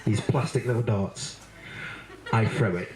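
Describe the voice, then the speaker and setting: A man's voice: on the low side, measured pace. A man giving a wedding speech as the bride's brother, telling a story with frequent laughter, fillers and restarts. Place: wedding reception. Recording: echoey room, loud background noise.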